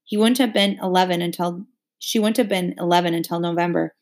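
A woman's voice: lowish voice, steady tone, a little fast. Woman reading a novel aloud. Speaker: narrator.

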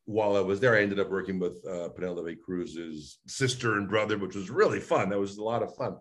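A man with a low-pitched voice talks casually as a voice coach on a video call. He tells his stories animatedly, acts out the lines he quotes, and often restarts his sentences. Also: a little fast. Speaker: voice and speech coach. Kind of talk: casual online interview chat.

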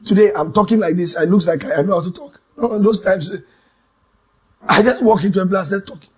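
A man preaching a sermon testimony, dramatic, swinging from shouted lines to hushed asides. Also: sits high, slightly rough.

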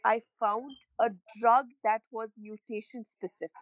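Earnest woman, halting. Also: fairly high pitch, steady tone, no echo, poor audio. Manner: halting, repeats words, emotional and earnest. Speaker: parent of a child with a rare illness, interview guest. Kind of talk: emotional personal interview.

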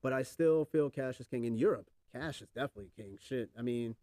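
Fast-talking casual male podcast host. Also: mid-range voice, dark tone, no echo. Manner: casual, profane, rambling with fillers. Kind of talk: casual chat.

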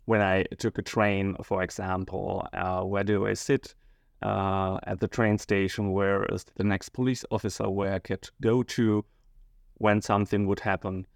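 A male schoolteacher answering interview questions hesitantly, often pausing and searching for words. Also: low voice, little pitch movement, gravelly, no echo, clean studio sound. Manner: hesitant, many fillers and restarts, searching for words.

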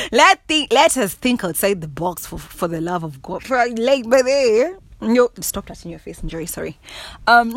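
Laughing, animated Kenyan woman vlogging. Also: mid-range voice, dry recording. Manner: laughs often, blunt and cussing, animated and emphatic. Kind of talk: casual monologue to camera.

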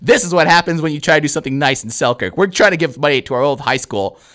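Animated Canadian man telling a story. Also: on the high side, fast. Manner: animated, swears a lot, acts out crowd voices. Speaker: podcast co-host and comedian. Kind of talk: casual storytelling chat.

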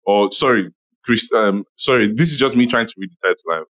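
A man's voice: fairly low pitch, fairly quick, a bit bright, poor audio. A man in a casual online audio room discussion, chatty and laughing, with many "you know"s. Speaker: Clubhouse room speaker.

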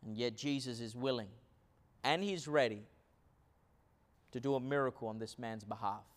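A pastor delivers a sermon at a moderate pace, using many fillers and alternating between quiet, low lines and loud, acted-out quotes.

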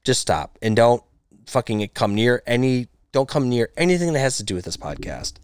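A man's voice: medium pitch, expressive, moderate pace, clean tone, no room sound, clean studio sound. A young man hosting a casual gaming podcast, ranting emphatically and swearing a lot. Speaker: podcast host.

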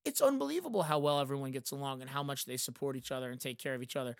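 A man's voice: medium pitch, racing, gravelly, dry recording, clean studio sound. A man in his thirties who manages concerts, chatting casually and rambling with lots of fillers. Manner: animated, rambling, frequent "like" fillers. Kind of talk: casual podcast chat.

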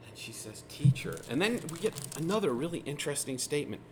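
A man teaching through a Bible passage in a relaxed, conversational way, retelling the scenes with lively asides. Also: on the high side, fast, slight background noise. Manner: casual, animated retelling of scripture scenes.

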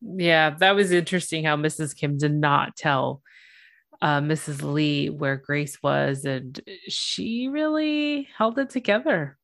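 A woman's voice: sits low, slow, gravelly, fairly bright tone, no room sound, clean studio sound. A woman co-hosting a podcast, adding brief conversational comments in casual chat. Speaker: podcast co-host.

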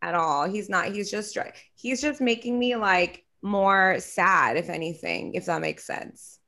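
A young woman in casual chat, telling a story with animated quoting and frequent swearing. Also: mid-range voice, unhurried.

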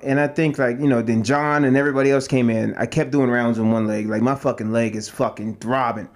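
A man co-hosting a podcast who trains fighters, telling a story with lots of cursing and acted-out quotes. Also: medium pitch. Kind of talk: casual storytelling chat.

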